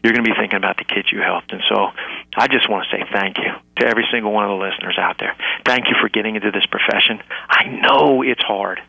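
A middle-aged man with a low, gravelly voice speaks as an interview guest. His tone is very bright and forward, and the sound is close and dry. He talks earnestly, stumbling over repeated words and rising to emphatic peaks. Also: fast, dry recording, rough recording. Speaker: guest, educator and author. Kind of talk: heartfelt podcast interview.

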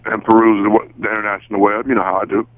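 Laid-back fast-talking coach on a dull line. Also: male voice, lowish voice, little pitch movement, dry recording. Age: 40s. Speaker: high school football coach. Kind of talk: casual radio chat.

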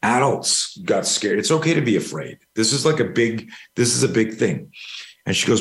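Low-voiced middle-aged man telling stories. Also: expressive, moderate pace. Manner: rambling, anecdotal, casual swearing. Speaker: guest, fear management expert. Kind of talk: storytelling interview.

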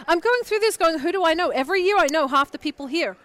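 A woman's voice: extremely high pitch, expressive, fast, fairly bright tone. An Australian woman co-hosting a casual talk show, teasing and laughing often. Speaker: podcast co-host. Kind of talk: casual chat.

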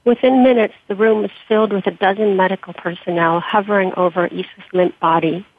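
Husky woman reading her memoir by phone. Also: medium pitch, flat delivery, brisk. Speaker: author and interview guest. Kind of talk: reading her memoir aloud, then interview answers. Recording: dry tinny phone-like line.

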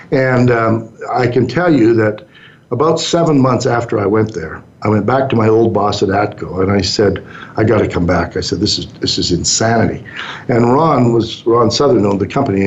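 A man in his sixties with a mid-range, darkish voice, a business owner appearing as an interview guest. He tells stories easygoingly and acts out the lines he quotes. The recording sounds dull and muffled.

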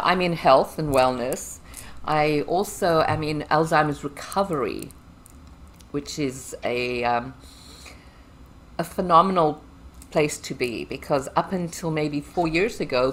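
A woman's voice: low-pitched, a little hiss or hum. A woman as an interview guest, talking in an upbeat, promotional way. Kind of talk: casual interview chat.

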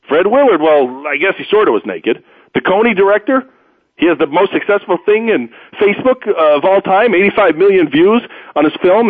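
A man hosting a sports talk radio show, rambling through stories and blunt opinions in an animated, storytelling way. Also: a little high, no echo. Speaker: radio host. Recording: tinny phone-like radio audio, dry.

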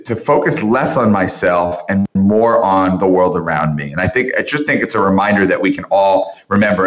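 A man who is a podcast guest, telling a long story with lots of restarts and animated turns. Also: deep voice, roomy sound, lo-fi sound. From New York area. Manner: animated anecdote-teller with frequent restarts. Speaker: interview guest.

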